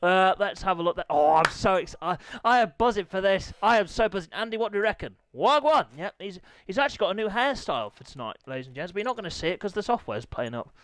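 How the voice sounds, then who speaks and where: Excitable man hosting a racing stream. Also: fast, few pauses. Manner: excitable and jokey, with squealing high bursts. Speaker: race commentator and stream host. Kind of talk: live stream commentary.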